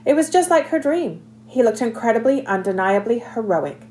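A woman narrating a children's novel aloud in an expressive, scripted reading. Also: fairly high pitch, moderate pace. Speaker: audiobook narrator.

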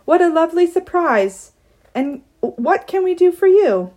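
A high, shrill mother who fusses and frets over every small upset, put on by a woman reading aloud. The voice climbs well above a normal speaking pitch and gets loud. It sounds like a character from a children's storybook. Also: lively intonation, normal speed. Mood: falsely sweet. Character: shrill fussy mother, easily alarmed.

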